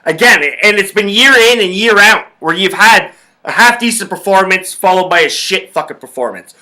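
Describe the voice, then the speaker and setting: Young guy ranting about football, swears a ton, bright sharp voice. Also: high voice, normal speed. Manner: profane, ranting, fired up. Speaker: podcast host. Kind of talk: casual sports talk.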